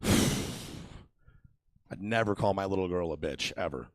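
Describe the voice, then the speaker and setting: A man's voice: sits low, lively intonation, slow pace, no echo. A young man performing a rambling, crude, self-mocking stand-up set on a comedy theater stage, working the crowd.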